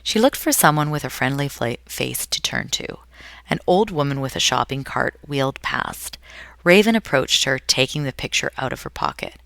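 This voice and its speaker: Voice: medium pitch, very animated, normal speed, vocal fry, bright, forceful tone, no echo, studio quality. A reader reading a novel aloud, with frequent slips and self-corrections. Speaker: audiobook reader.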